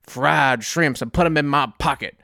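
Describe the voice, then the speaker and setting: A man playing a slow-talking male sidekick from Louisiana with a low, drawn-out folksy drawl in a comedy sketch. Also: vocal fry, bright, forceful tone, dry recording, clean studio sound. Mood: savoring.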